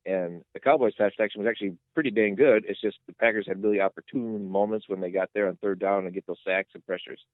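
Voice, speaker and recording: A man co-hosting a casual sports podcast, rambling through each play and getting worked up as he tells it. His voice sits on the low side. The sound is thin and phone-like, with no room around it. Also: fast, few pauses, dry recording. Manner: excitable, rambling storyteller. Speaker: podcast co-host. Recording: tinny phone-like line, dry.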